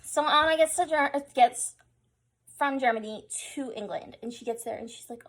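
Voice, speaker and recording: A woman's voice: sits high, moderate pace, a bit bright. A drunk woman rambling through a comedic history retelling, slangy and profane, full of "like" and "oh my God". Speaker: storyteller.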